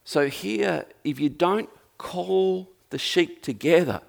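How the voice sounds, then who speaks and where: A man's voice: high voice, slow, creaky. An Australian man preaching a sermon in a conversational, jokey storytelling manner.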